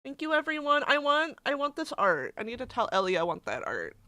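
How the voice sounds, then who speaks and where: A woman streamer talks casually to her chat, emotional and candid, swearing freely as she reads messages aloud. Her voice is bright and somewhat high, and the sound is close and dry, with no room around it. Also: huge pitch swings, brisk, no echo.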